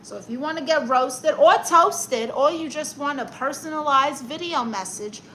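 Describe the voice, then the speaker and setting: A bright, sharp-toned woman with a Brooklyn accent, chatting casually on a live stream as she reads out comments. She teases and roasts her viewers in a sassy, playful way, her voice sitting a touch high, with a faint hum underneath. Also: moderate pace, poor audio. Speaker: live-stream host reading chat.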